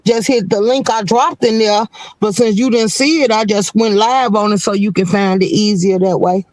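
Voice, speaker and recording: High-voiced man hosting a laid-back stream. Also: fairly even intonation, normal speed, no room sound. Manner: rambling, laid-back, chatty. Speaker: live stream host. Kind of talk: casual streaming chat.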